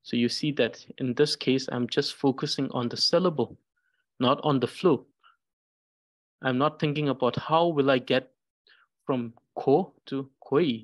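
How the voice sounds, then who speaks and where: A man teaching Tibetan pronunciation, patiently repeating syllables one at a time. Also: medium pitch. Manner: slow and patient, repeats each syllable many times. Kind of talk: pronunciation lesson, reading syllables aloud.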